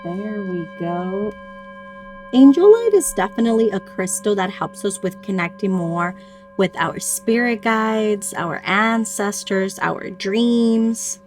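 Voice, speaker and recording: A woman doing a pick-a-card spiritual reading, gentle and reflective, speaking slowly to her viewers. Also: medium pitch, animated, faint music behind. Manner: unhurried with pauses and small stumbles. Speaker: oracle card reader.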